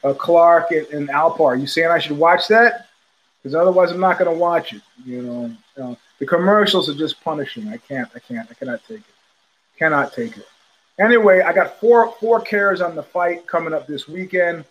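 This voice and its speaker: The older podcast host chats casually, telling rambling stories and imitating the voices of people he quotes. His pitch is fairly high, his speed normal, and his tone somewhat bright, with lo-fi sound and a little hiss or hum.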